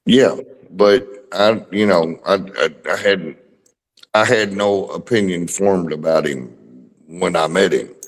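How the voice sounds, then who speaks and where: A man from Kentucky with a deep, low voice and a local accent talks bluntly, swearing freely as he jokes about himself. His voice carries a long reverb tail. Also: slow pace. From Louisville, Kentucky. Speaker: livestream co-host. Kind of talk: casual chat.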